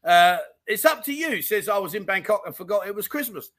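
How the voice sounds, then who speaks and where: A high-pitched man chatting on a casual livestream. His voice is bright and forward as he rattles through viewer comments, friendly and full of slang. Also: fairly quick. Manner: chatty and animated, full of mate and diamond geezer slang. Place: home in Thailand.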